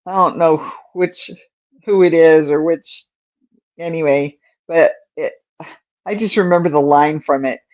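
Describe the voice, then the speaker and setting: A woman hosting a crochet livestream drifts between baby talk to her cat and rambling asides. Her voice sits low and moves at a very slow, easy pace. The sound is a little dull and lo-fi. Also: darkish tone. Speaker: crochet channel host. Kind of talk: casual livestream chat.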